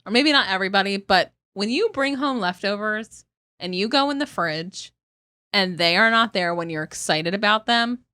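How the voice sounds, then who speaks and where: A woman's voice: mid-range voice, lively intonation, moderate pace, pushed and bright, no room sound. Teasing young woman podcaster, dry sound. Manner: teasing, laughs while talking, swears casually. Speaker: podcast co-host. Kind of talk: casual comedic podcast banter.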